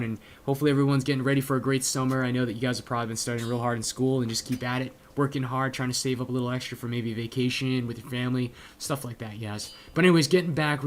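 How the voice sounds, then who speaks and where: A man's voice: mid-range voice, slight background noise. A man hosting his own gaming channel, giving upbeat, slangy gameplay commentary straight to his viewers.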